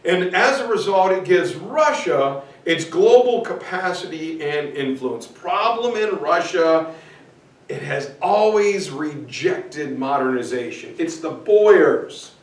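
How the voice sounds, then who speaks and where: A man's voice: fairly high pitch, animated, slow pace. A man teaching history in a casual, chatty lecture, with informal, jokey asides in a classroom. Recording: echoey room, mic far off.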